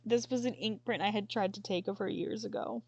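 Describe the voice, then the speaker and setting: A woman streamer chatting casually and haltingly, sometimes tearful and apologizing. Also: mid-range voice, steady tone, darkish tone. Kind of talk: casual chat while showing a sketchbook.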